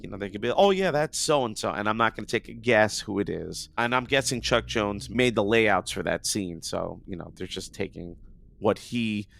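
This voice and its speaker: A hoarse man, voice worn rough after days of singing, chats animatedly as a podcast guest. His low, gravelly tone drifts through rambling asides, broken up with frequent laughter. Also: normal speed, a bit bright, a little hiss or hum. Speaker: guest, working singer. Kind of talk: casual chat.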